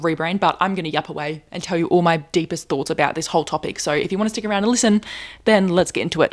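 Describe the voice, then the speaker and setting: A young woman talks quickly in a loose, rambling monologue, full of fillers and restarts. Her voice sits at an ordinary pitch for a woman. She speaks into a handheld microphone like a casual podcast host. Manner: rambling and animated, lots of filler words and self-corrections. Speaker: podcast-style video host.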